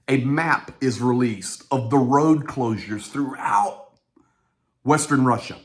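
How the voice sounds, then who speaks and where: A man hosting his own show, giving a running news commentary in an informal way, talking straight to his audience. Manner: animated, swings up in pitch for quotes. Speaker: host.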